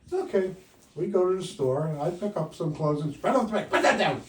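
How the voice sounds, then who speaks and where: A man in his sixties doing a stand-up comedy set with wry, punchy delivery, jumping louder for quoted lines. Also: high voice, fairly quick. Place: comedy club stage. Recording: roomy live sound from a distance.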